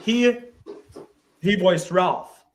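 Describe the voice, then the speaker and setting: A man's voice: high voice, drawn-out words, background noise. A man chatting casually as a guest on a podcast, rambling and searching aloud for names. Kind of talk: casual chat.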